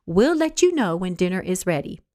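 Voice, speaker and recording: A stern, motherly older woman, as a female reader acts her out, firm and authoritative like a strict hostess. Her voice moves a lot in pitch, and the recording is dry. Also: big pitch swings, brisk, darkish tone, no echo. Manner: commanding, firm.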